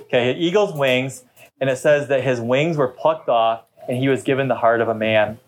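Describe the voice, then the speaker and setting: A man's voice: mid-range voice, moderate pace, slight background noise. A middle-aged man, a pastor, preaching a sermon in a chatty, storytelling way during a church service. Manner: conversational storytelling preacher, talkative.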